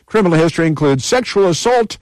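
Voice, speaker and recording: A man with a voice pitched somewhat high reads down a list, stopping to repeat phrases for emphasis. The sound is dry, with no room echo. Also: expressive, fast, a little mellow. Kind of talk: reading out a list with commentary.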